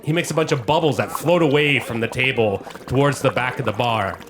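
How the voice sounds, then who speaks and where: A man's voice: medium pitch, a little fast, music in the background. A man narrating as game master of a tabletop game, casual and often laughing.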